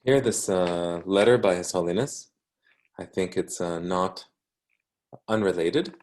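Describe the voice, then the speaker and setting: A man from Canada with a Canadian English accent, reading a book aloud slowly for English learners, with ums and self-corrections. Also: low voice, darkish tone. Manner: slow, unhurried, with frequent ums and self-corrections. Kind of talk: casual read-aloud lesson for English learners.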